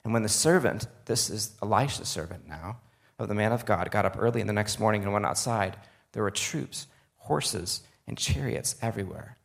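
Gravelly-voiced man preaching a sermon. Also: fairly low pitch, animated, normal speed. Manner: earnest, conversational asides to the audience. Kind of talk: sermon with scripture reading.

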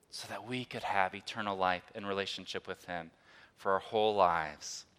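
A married man preaching a conversational sermon, moving between hushed, tender moments and loud, emphatic ones. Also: fairly low pitch, steady tone, moderate pace, clear, resonant tone. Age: adult, old enough to be married. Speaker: pastor.

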